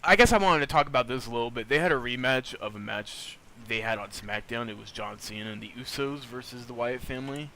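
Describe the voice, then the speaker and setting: A man's voice: mid-range voice, fast, few pauses, sharp tone, a little hiss or hum, poor audio. A young man hosting a podcast, rambling loosely through news in a casual, joking chat. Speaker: podcast host.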